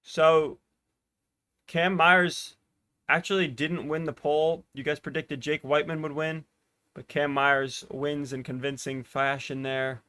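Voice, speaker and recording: A young man commentating a track race live for a watch-party stream, getting excited as the race builds and chatting to viewers. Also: on the high side, slow pace, clear, resonant tone. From United States. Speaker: podcast host commentating a race.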